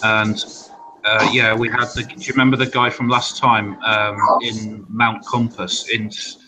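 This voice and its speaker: A man introducing people in a slow, halting way with many pauses and fillers. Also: lowish voice, level tone, over music, low-quality recording. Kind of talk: casual chat. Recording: clear background noise.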